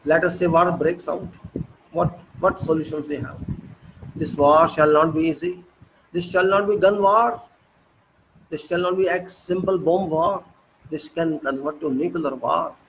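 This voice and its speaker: A man's voice: on the high side, fairly even intonation, a little slow, slight background noise, rough recording. A man with an Indian English accent delivering an impassioned political monologue, firing off indignant rhetorical questions with sarcastic jabs. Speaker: political commentator.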